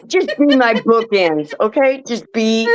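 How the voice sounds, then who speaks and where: A woman's voice: fairly high pitch, lively intonation. Woman, livestream host, jokey, casual chat, muffled video call sound. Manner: chatty, jokey, quick to laugh.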